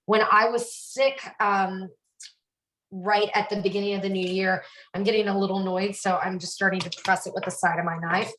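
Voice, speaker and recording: A woman's voice: mid-range voice, fairly bright tone. Woman, bubbly casual chat, fitness instructor, distant mic, roomy sound. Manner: chatty, bubbly, answers viewers by name. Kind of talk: casual cooking chat on a live stream.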